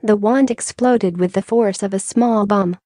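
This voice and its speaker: A woman reading an audiobook in measured, even storytelling narration. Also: medium pitch, no room sound, studio quality. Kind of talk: scripted narration.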